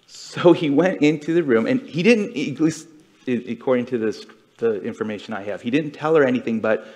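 A man's voice: medium pitch, brisk, darkish tone. A man giving a conversational sermon to a congregation, retelling a story earnestly and with feeling. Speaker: congregation speaker.

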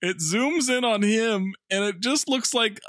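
A man co-hosting a movie podcast in casual chat, wryly deadpan as he reads through his notes. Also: sits high, a little slow, no echo, clean studio sound. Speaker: podcast co-host.

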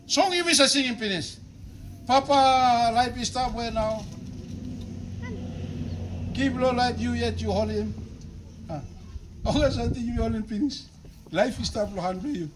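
A man with a Papua New Guinean accent preaching a sermon as a bishop, emphatic and animated, swinging between loud exhortation and low, quiet asides. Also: measured pace, pauses often, slight background noise, rough recording.

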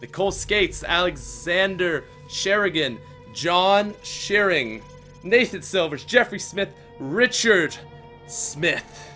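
A man's voice: high voice, expressive, takes it slowly, sharp tone, faint music behind. A young Canadian man casually commenting as he plays a shooter, joking and repeating lines from the game. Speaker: gamer playing a shooter.

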